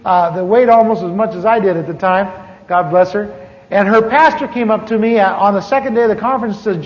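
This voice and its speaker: A fairly high-pitched man preaching his personal testimony, the sound ringing out in a large hall. He speaks conversationally and stumbles into restarts as he goes. The old recording is dull and lo-fi. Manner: conversational storytelling with halting restarts. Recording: echoey hall, dull lo-fi tape.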